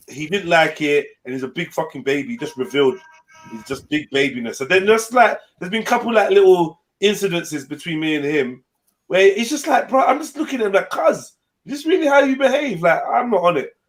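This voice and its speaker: A man hosting a casual panel chat, slangy and animated, with quick swings in loudness. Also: on the high side.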